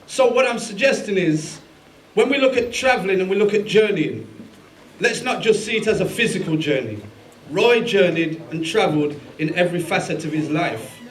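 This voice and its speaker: A man with a high voice introduces each part of a live event, chatty and loose with fillers. He is heard from some distance in a large echoey hall, with a crowd faintly behind him. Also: lively intonation, normal speed, a little hiss or hum. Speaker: event host.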